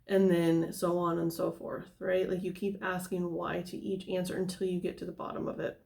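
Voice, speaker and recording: Woman, tarot reader, casual rambling talk, many fillers, slightly low voice. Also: flat delivery, fairly quick, vocal fry, hardly any pauses, a little mellow. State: somewhat out of breath. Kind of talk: casual tarot reading monologue.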